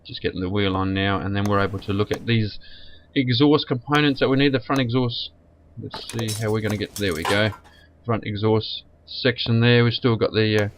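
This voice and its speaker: Croaky man with a cold. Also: fairly low pitch, steady tone, moderate pace. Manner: rambling, repeats and restarts words. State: hoarse from a cold, sniffly. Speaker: gaming channel host. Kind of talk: casual game commentary. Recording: noisy background.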